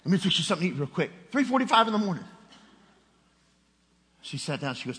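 A man's voice: high voice, big pitch swings, quick pace, pauses often, a bit bright, big-room sound. A middle-aged man preaching a sermon, telling a personal story with rising emotion and a raised voice at its peak.

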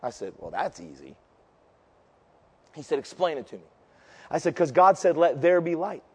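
A male preacher giving an impassioned sermon, moving between fervent declarations and quieter storytelling. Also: on the high side, fairly quick, slightly rough, in a large hall.

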